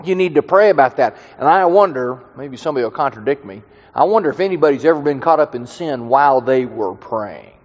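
A man leading a Bible study in a conversational teaching style, thinking aloud with restarts and slowing down to stress key words. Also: medium pitch, animated, a little mellow, long reverb tail, lo-fi sound.

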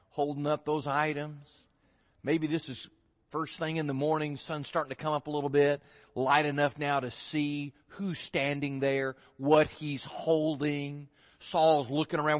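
A man's voice: on the high side, moderate pace. A man preaching an expository sermon, reading scripture aloud and acting out the voices of the story with animation. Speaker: pastor. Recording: long hall reverb.

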